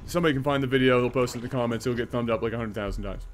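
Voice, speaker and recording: A man from Canada with an East Coast Canadian accent, casting a game casually with excitable, joking chatter. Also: medium pitch, very fast, faint music behind. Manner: excitable, laughs often, crude jokes. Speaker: game caster.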